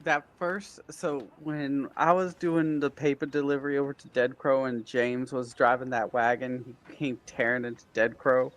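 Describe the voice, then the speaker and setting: A man's voice: medium pitch, flat delivery, normal speed, hardly any pauses, a bit bright. A man chatting in character, laid-back, with hesitant starts and short interjections. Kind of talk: casual in-character roleplay chat.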